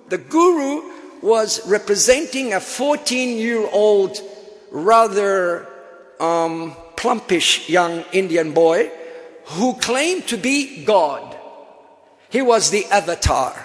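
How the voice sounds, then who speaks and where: An older man shares his personal testimony in an animated, storytelling way, dropping in humorous asides. His voice sits fairly high, and a long hall reverb trails behind each phrase. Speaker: speaker giving testimony. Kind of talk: personal testimony talk to an audience.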